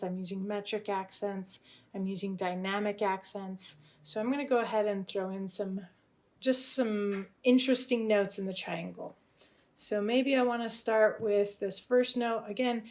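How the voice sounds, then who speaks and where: A woman explains music theory as she works through a composition, thinking aloud as she goes. She sounds relaxed and tentative, weighing each choice, with a mid-range voice. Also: mid-range voice. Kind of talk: talking through a composition demo.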